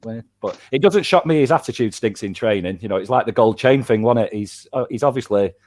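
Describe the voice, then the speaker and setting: A man's voice: mid-range voice, animated, a little fast, a little mellow. A man hosting a casual football watchalong, chatty and upbeat as he speaks to viewers and reads their comments. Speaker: host.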